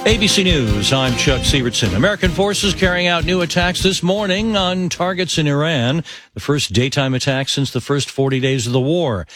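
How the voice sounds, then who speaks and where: A man reading network news headlines in a crisp, even newscast delivery. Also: on the high side, normal speed, faint music behind.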